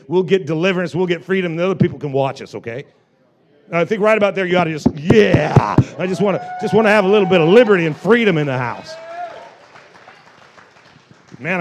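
A male pastor preaching a lively sermon to a live congregation, repeating phrases and joking with the people in the pews. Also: high-pitched. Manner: animated preaching with repetitions and asides to the congregation.

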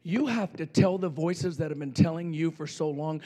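A male pastor preaching a sermon fervently, swinging between loud shouts and near-whispers. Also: on the high side, normal speed.

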